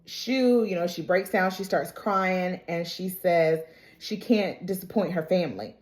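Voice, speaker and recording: Woman recapping a show, chatty and laughing, bit of a low voice. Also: measured pace. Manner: chatty storytelling, acts out quotes; laughs often while talking. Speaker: TV recap vlogger. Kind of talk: casual episode recap and reaction.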